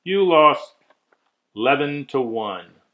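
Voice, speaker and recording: A man voicing a group of bossy little animal guests on a moose's horns, shrill and demanding, in a storybook reading. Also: animated, slow pace, highs cut off.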